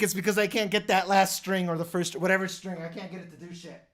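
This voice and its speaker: A man's voice: high-pitched, level tone, a little fast, fairly bright tone. A young man hosting a casual livestream, rambling, swearing and chatting to viewers. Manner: rambling, swears, laughs often. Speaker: livestream host. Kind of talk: casual livestream chat reading the chat.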